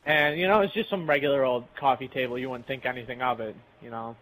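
A man's voice: medium pitch, fairly even intonation, quick pace, fairly bright tone, rough recording. A young man casually telling a rambling, profane story while playing a game with friends. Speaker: channel host.

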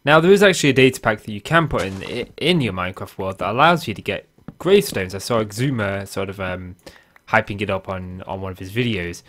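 Faint guitar music plays as a young Minecraft let's play host chats through his gameplay. His voice is on the low side and fairly bright, brisk with lively intonation, and he rambles casually with fillers and side comments.

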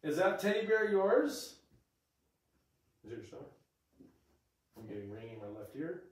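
A man's voice: on the high side, sing-song, normal speed. A man investigating the paranormal who keeps calling out questions to spirits in old rooms under renovation. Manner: asks questions aloud to spirits. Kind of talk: ghost-hunting vlog chatter. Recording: echoey room, mic at a distance.

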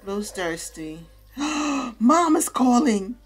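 A young woman gives relaxed let's-play commentary, chatting with her game characters in casual slang. She speaks at an unhurried pace, with a pitch neither high nor low. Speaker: gaming channel host.

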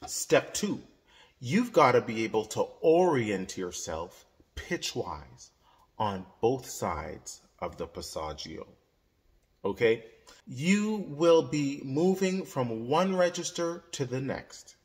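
Slow, animated male voice coach. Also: medium pitch. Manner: instructive, demonstrating sung vowels and yodels. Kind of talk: singing lesson with vocal demonstrations.

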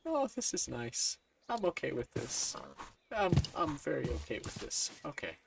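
This gaming creator's let's play commentary comes in a mid-range, sing-song voice with vocal fry at a measured pace. He mutters to himself in exasperation and yelps in sudden panic, and the distant mic picks up loud background noise.

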